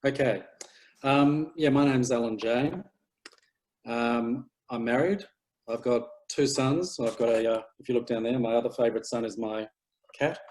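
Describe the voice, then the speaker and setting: A man in his fifties from Australia who is a council candidate, introducing himself over a video call in a halting way, with many fillers and dry asides. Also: medium pitch, a little mellow, low-quality recording. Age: 50s. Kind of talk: casual campaign introduction.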